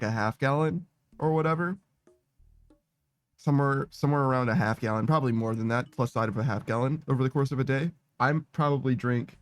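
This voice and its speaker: In a mid-range voice with vocal fry, a man rambles casually with his viewers while streaming a game. He giggles often, swears a lot and makes fun of himself, recorded on a dry close mic with faint music behind.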